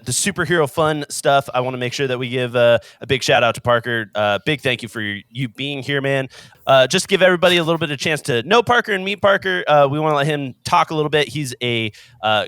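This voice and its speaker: A man's voice: mid-range voice, a bit bright, clean tone, no room sound. A man hosting a podcast in a chatty, upbeat way, with many filler sounds. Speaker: podcast host. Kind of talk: casual podcast chat.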